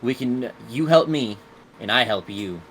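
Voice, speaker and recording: A man voicing a weary, aloof male jinni bound by contracts, speaking in slow, grave, clipped pronouncements during a tabletop game. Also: medium pitch, expressive, a bit bright, slight background noise, rough recording. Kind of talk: tabletop role-play voicing.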